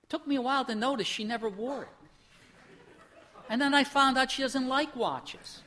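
Middle-aged guy pastor preaching, chatty and storytelling, bright ringing voice. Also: extremely high pitch, moderate pace. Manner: storytelling, conversational, with chuckles. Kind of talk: sermon.

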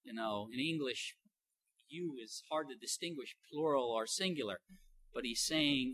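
Folksy bright-voiced older male preacher. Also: a little high, moderate pace, no room sound. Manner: conversational, folksy, with many restarts. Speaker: pastor. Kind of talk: sermon.

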